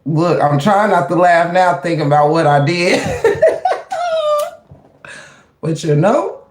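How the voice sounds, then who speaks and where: Over a webcam or phone mic, a host on a livestream banters with viewers at a moderate pace, laughing frequently and welcoming people from the chat by name. The medium-pitched voice has a roomy sound, and the talk turns preachy and motivational at times.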